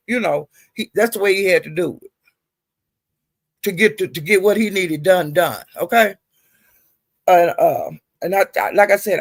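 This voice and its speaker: A woman's voice: mid-range voice, creaky, no room sound. A woman live streamer in a casual, rambling rant, swearing freely and greeting viewers in the chat.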